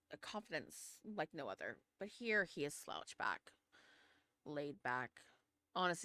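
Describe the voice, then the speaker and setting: A woman's voice: low-pitched, fairly bright tone, no room sound. A woman running a tabletop game as game master, describing scenes in a chatty way with plenty of fillers.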